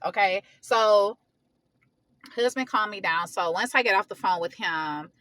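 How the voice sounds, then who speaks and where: A woman telling a personal story in a casual vlog, venting heatedly in slangy, animated talk. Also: mid-range voice, unhurried, no room sound. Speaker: vlogger.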